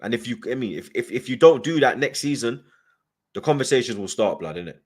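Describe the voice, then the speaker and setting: A man's voice: mid-range voice, expressive, brisk. A young man hosts a fan channel, chatting casually and reading viewer comments, with constant slang and "you get me" tags. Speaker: football fan channel host.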